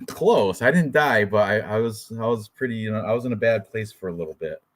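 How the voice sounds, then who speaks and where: A man's voice: lowish voice, expressive, fairly quick. A man co-hosting a fight prediction live stream, joking with his co-host and greeting viewers in the chat.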